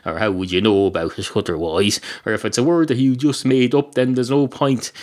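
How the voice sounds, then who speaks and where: A man's voice: mid-range voice, steady tone, a little fast. Rambling Irish man telling sweary jokes. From Ireland. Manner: meandering, swears freely, frequent "uh" fillers. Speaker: podcast host. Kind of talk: rambling comic monologue.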